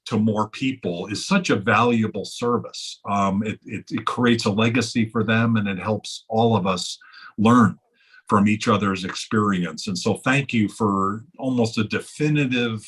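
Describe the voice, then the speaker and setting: A man closes an online meeting in a low, husky voice. He sounds earnest and a little apologetic, and he often repeats and restarts his words as he thanks the speakers. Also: unhurried, a bit bright. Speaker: host. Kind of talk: closing remarks on a video call.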